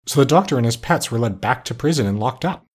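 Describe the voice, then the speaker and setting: A man narrates a children's storybook in a measured, expressive manner. His voice is husky and sits at an ordinary pitch. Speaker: audiobook narrator.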